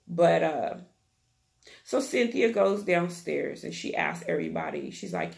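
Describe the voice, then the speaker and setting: Woman vlogger for a TV recap, gossipy and slangy, unhurried delivery with a gravelly fry. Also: low-pitched, huge pitch swings. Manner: chatty, gossipy, slangy storytelling. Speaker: YouTube TV recap host. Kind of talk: casual reality-TV recap chat.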